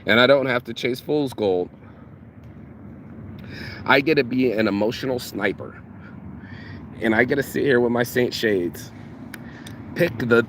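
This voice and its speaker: A man's voice: fairly low pitch, background noise. A man giving a casual motivational monologue, slangy and profane, who stumbles over repeated words when he gets going. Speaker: motivational vlogger.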